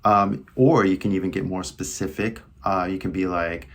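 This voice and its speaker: A young English teacher with a deep voice and a Californian American accent speaks in a steady tone at normal speed. His casual lesson is chatty and loose, heavy on fillers, with lots of "like" and "right?"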